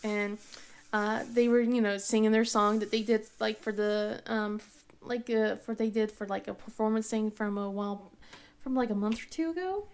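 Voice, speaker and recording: A woman's voice: medium pitch, fairly even intonation, normal speed, clean tone. A woman in her thirties hosting a craft channel, telling a family story in a rambling, casual way with lots of fillers and restarts, often laughing as she goes.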